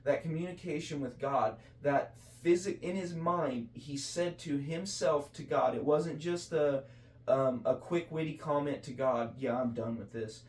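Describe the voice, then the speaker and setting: A man's voice: a little high, a little slow, darkish tone, echoey room, distant mic. A man co-hosting a casual faith talk, speaking earnestly and preachily with many restarts and self-corrections. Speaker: podcast co-host.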